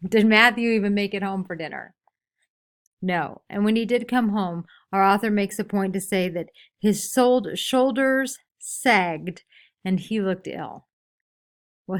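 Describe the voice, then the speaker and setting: Woman teacher asking a class questions. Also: fairly low pitch. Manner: asks many questions, pausing for answers; reads book passages aloud, then explains. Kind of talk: classroom read-aloud with discussion questions.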